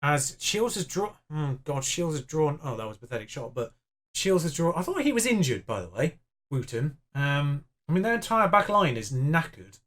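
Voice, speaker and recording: A young man commentating on his own football management game, excitable and self-mocking, pleading with the players on screen. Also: on the high side, normal speed. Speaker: gaming YouTuber.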